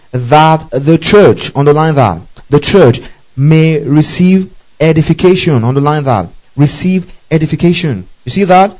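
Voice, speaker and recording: A man's voice: on the high side, darkish tone, low-quality recording. A male preacher reading scripture aloud and explaining it, repeating key words and often asking "okay?" and telling listeners to underline. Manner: checks in constantly with "okay?" and "underline that". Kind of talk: Bible teaching sermon.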